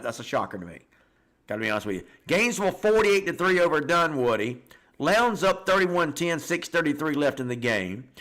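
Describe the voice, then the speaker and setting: A man hosting a live high school football show, reading scores and viewer comments in a casual, animated way. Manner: chatty and animated, reacting aloud with stunned exclamations and repeated words.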